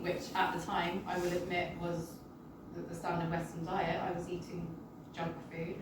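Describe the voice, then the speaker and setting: A British woman recounts her own story to a listening audience, speaking in a halting, emotional way and often apologizing. Her voice is picked up from a distance in a very reverberant room. A constant background hum sits under her speech. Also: lowish voice, fairly even intonation. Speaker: guest sharing a personal testimony. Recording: roomy, distant, with background noise.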